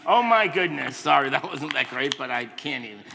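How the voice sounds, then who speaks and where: A creaky, mid-range male voice, pushed and bright at normal speed, belongs to a playful man in his 50s reading a children's book to kids. He mocks himself and makes exaggerated silly sounds, and the large church sanctuary leaves the recording reverberant with faint noise.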